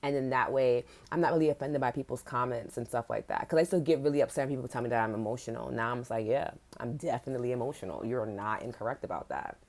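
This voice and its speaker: Low-voiced woman hosting a live chat. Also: fast, few pauses, a little mellow. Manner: candid and chatty, says "like" often, swears casually. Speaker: podcast host. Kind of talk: casual livestream chat.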